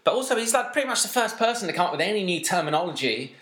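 A chatty man co-hosting a casual podcast, his voice sitting a little high. He tells stories and mimics the people in them as he goes. The room adds a noticeable echo around him. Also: big pitch swings, very fast, fairly bright tone. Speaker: podcast co-host. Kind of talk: casual chat.

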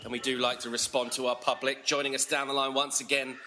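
A man playing a bright podcast host. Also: medium pitch, little pitch movement, fast, faint music behind, close to an everyday voice. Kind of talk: comedy podcast sketch.

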